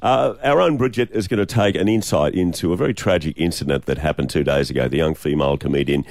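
A man's voice: deep voice, fast talker, a little mellow, dry recording. A man hosting a breakfast radio show, reading promos and handing to a co-host. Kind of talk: radio announcing. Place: radio studio.

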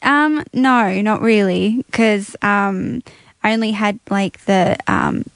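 A woman's voice: mid-range voice, takes it slowly, gravelly, no echo. Giggly, hesitant young woman. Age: late teens. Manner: giggly, hesitant, full of ums. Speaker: guest. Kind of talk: casual interview answers.

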